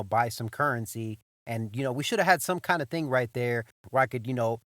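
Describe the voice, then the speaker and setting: A young man tells a story on his podcast, loose and animated, swearing freely and tossing in "bro" as he circles back over the same points. His mid-range voice sits close and dry on the mic, with no room sound around it. He talks like he is chatting with a friend. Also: mid-range voice, no room sound. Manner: animated, profane, repeats himself, says "bro". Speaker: podcast host. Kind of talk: casual storytelling monologue.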